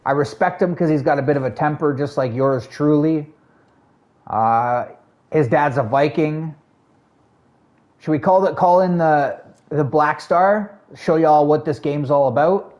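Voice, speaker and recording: A man's voice: on the high side, measured pace, lo-fi sound. A man streaming a video game, chatting casually with his viewers, greeting them and answering their messages with frequent laughs. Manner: chatty, laid-back, greets and answers chat, laughs often. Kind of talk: casual live-stream chat while gaming.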